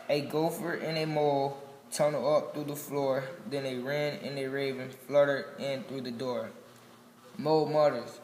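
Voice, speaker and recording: A man reading a children's picture book aloud, slow and gentle. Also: mid-range voice, fairly even intonation, a little hiss or hum. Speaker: storybook reader. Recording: echoey room with long reverb.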